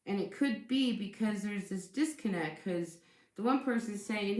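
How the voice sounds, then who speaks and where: A woman gives a casual tarot reading in a medium-pitched, unhurried voice, sounding chatty and reassuring. She often repeats herself as she restarts sentences, and the recording is reverberant.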